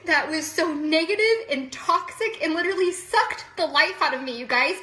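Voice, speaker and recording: A woman's voice: high-pitched, normal speed, sharp tone, reverberant. A woman in her thirties crying as she tells viewers, apologizing often and speaking straight to them. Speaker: vlogger. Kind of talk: emotional personal vlog.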